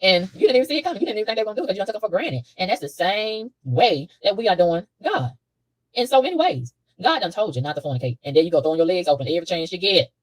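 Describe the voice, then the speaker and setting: A low-voiced woman talks fast to camera, swinging her pitch widely as she preaches in a casual, animated way. She laughs often and repeats herself for emphasis. The sound is dry and close. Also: no room sound, low-quality recording. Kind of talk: casual spiritual monologue to camera. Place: hotel room.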